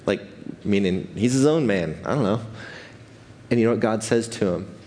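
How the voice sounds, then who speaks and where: A man preaching a sermon as pastor, animated and conversational with frequent restarts. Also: fairly low pitch, moderate pace, pauses often. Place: church sanctuary. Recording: long hall reverb.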